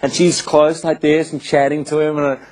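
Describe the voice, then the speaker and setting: A man, telling animated stories in a casual interview with frequent restarts. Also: a little high, low-quality recording. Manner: animated storyteller, quick restarts. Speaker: interviewed actor.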